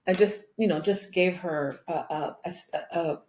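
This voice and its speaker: A woman's voice: on the low side, normal speed, a little mellow, reverberant. A middle-aged woman, a coach being interviewed, telling a personal story candidly and emotionally, with many restarts and laughs. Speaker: guest, empowerment coach.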